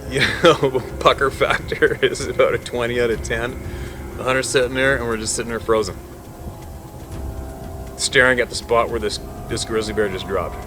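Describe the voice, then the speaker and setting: A man who works as a hunting guide tells a tense story in a lively way, laughing often and acting out the gunshots. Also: medium pitch. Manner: vivid storyteller, laughs often, mimics shots and whispers. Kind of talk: animated storytelling.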